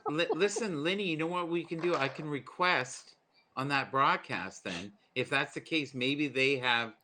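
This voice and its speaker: A man chatting casually on a group livestream, his voice bright and forward. He tells stories with animation and breaks into laughter often. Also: fairly high pitch, normal speed, a little hiss or hum.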